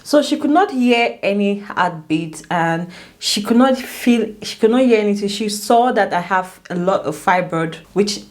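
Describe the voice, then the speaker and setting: A woman vlogger telling a personal story in a casual, emotional way, with many restarts and big swings in pitch. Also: animated, measured pace.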